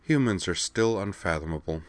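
A man voicing a calm, logical female alien officer who speaks quietly and formally. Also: deep voice, normal speed. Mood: cool formal.

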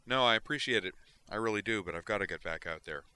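A man's voice: on the low side, expressive, quick pace, pushed and bright, clean tone, voice pushed up. A man reading as an earnest, restless young starship captain.

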